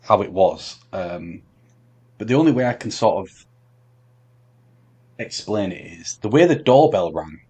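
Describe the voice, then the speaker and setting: A man telling a long story on a podcast, halting with many ums and restarts. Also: lowish voice, big pitch swings, darkish tone, slightly rough. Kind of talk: casual storytelling chat.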